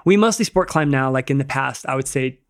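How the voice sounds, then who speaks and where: A man's voice: mid-range voice, fairly quick. A man who is a rock climber and podcast guest, telling stories in loose casual chat, swearing freely, laughing as he goes, and stringing phrases together with "like.". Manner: loose, rambling phrasing full of "like".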